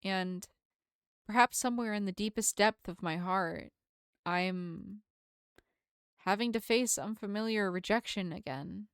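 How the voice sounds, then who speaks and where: A woman's voice: mid-range voice, unhurried, long pauses, clean tone, dry recording, lightly acted. A woman voicing an earnest, polite young woman who talks in formal, apologetic phrases, reading a visual novel aloud with a dry sound. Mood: downcast.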